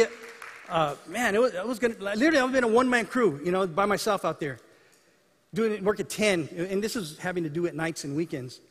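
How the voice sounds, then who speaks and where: A male pastor with a notably high voice preaches a sermon as if telling stories to friends, slipping into the voices of the people he describes. His voice rings out with a long reverb, as in a large hall. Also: fairly bright tone, slight background noise. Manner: conversational storytelling preaching, acting out dialogue.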